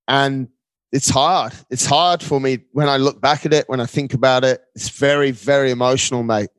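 A marathon runner appears as a guest in a casual interview, upbeat and emphatic, often calling the host "mate." His voice is mid-range and a little slow, with no room sound.

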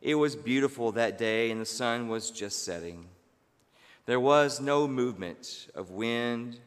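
A man preaching, telling a story in a slow, gentle manner with thoughtful pauses. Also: mid-range voice, smooth. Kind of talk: sermon storytelling. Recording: long hall reverb.

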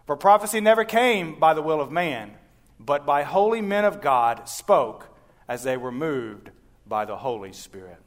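A man with a slightly raised pitch reads scripture aloud to a congregation. He is earnest and now and then stumbles or adds a filler before reading on. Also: expressive, a little slow. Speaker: scripture reader.

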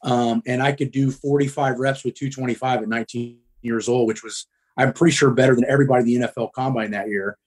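A middle-aged man from the Midwest speaks as a guest, telling his story bluntly and casually. He swears freely, fills his pauses with ums, and sits at an ordinary male pitch. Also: fairly even intonation, darkish tone, husky. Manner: blunt, profane, frequent ums.

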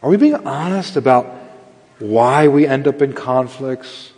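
A man's voice: medium pitch, expressive, a little slow, a little mellow, breathy edge, long reverb tail. A man preaching a sermon as pastor, earnest and building to emphatic stress.

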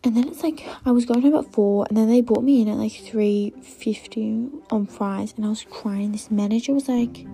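Gravelly young woman rambling on a podcast. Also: fairly high pitch, fairly even intonation, moderate pace, hardly any pauses, warm tone. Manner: rambling, filler-heavy, drops to whispers. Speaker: podcast host. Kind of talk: casual storytelling monologue.

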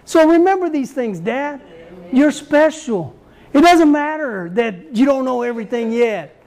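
A man's voice: extremely high pitch, lively intonation, a little slow, a little mellow. A middle-aged man, preaching a folksy, repetitive sermon that mixes family stories with exhortation.

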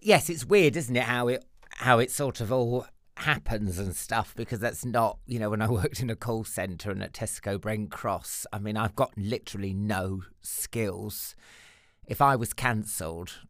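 A man, a comedian guest telling stories in a camp, animated way during a podcast interview. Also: a little slow, no room sound, studio quality. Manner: camp, animated storyteller who breaks into high put-on voices. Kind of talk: casual interview chat.

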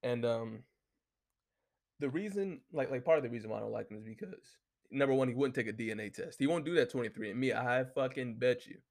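A man with a gravelly, creaky voice at an ordinary middle pitch, ranting in loose casual talk. He swears constantly, rambles with fillers and restarts, and sounds heated and blunt. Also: a little fast. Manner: heated, cursing freely, lots of filler. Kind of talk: casual profane rant.

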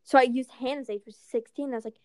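High-voiced teen girl telling stories. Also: racing, no echo, clean studio sound. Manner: animated storytelling, acting out quotes. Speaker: storyteller. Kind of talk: casual chat.

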